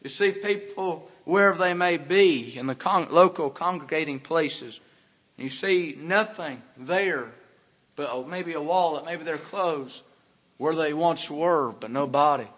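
A man preaches a fervent sermon from the pulpit, swinging from hushed warnings to loud, emphatic outbursts. His voice sits a little high for a man. The church sanctuary adds a long, ringing reverb. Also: a little slow. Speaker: pastor.

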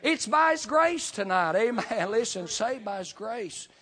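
A middle-aged man preaching a revival sermon and giving his testimony, dropping "amen" after nearly every phrase and swinging between shouting and hushed tones. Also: high-pitched, animated, unhurried, breathy edge. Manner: swings from shouting to near whisper.

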